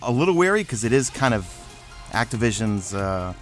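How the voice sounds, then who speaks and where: A man's voice: fairly low pitch, big pitch swings, moderate pace, faint music behind. A man co-hosting a casual gaming discussion, thinking aloud with lots of fillers and restarts. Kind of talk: casual chat.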